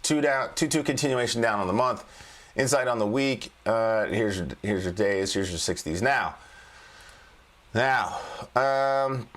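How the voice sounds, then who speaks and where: A man of middle pitch hosts a relaxed livestream about trading charts. He talks in a folksy, joking way, restarting sentences often and chatting with viewers as he goes. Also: a little slow. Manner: folksy and jokey, with frequent restarts and laughs. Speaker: trading coach and livestream host. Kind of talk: casual livestream chart commentary.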